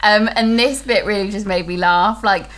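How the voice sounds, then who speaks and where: A woman's voice: mid-range voice, fairly even intonation, normal speed, a bit bright. A woman hosting a casual, enthusiastic book chat. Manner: chatty, enthusiastic, with fillers. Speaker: podcast host.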